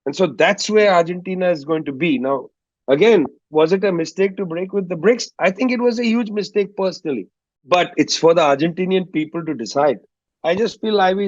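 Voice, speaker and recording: A man speaks in a somewhat raised register and explains his points at a measured pace, often with small asides. The recording is dull and slightly lo-fi, with a dry, close sound and no room echo. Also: high voice, expressive. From India. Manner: measured, explanatory, frequent "you know" asides. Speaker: guest historian. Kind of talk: analytical interview answer.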